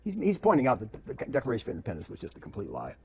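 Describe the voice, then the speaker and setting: A man's voice: mid-range voice, huge pitch swings, rapid-fire, gravelly, mellow, husky. A man preaching emphatically, firing off rhetorical questions and repeating his points. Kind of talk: preaching lecture with read-aloud quotations.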